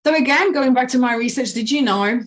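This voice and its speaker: A woman coaching on anxiety in a casual, animated talk, slowing down to count breaths and acting out anxious and calm inner voices. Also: high voice. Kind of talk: casual guided presentation.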